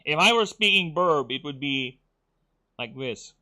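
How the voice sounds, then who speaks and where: A man's voice: a little high, lively intonation, measured pace, bright, forceful tone. A man from the Philippines, streaming a game, teasing his viewers and muttering through his choices. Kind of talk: casual game stream chat.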